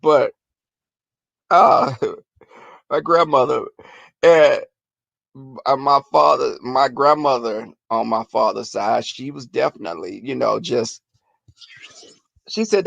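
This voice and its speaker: A man telling comic family stories on his vlog, animated and profane, often breaking into laughter. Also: mid-range voice, takes it slowly, creaky, long pauses, no room sound. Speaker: vlogger. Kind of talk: comic storytelling.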